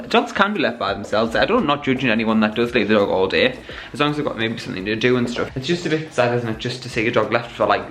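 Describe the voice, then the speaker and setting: A man's voice: lowish voice, a bit bright. Chatty young man vlogging. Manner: chatty, rambling, laughs often. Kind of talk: casual vlog chat.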